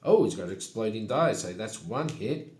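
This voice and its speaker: A man narrating a solo tabletop game in an unhurried, matter-of-fact way. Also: on the low side, expressive, darkish tone. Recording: echoey room.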